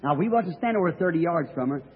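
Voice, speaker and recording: High-voiced preacher on a tinny hall recording. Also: male voice, expressive, quick pace. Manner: folksy rural grammar, emphatic and earnest. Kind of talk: sermon storytelling.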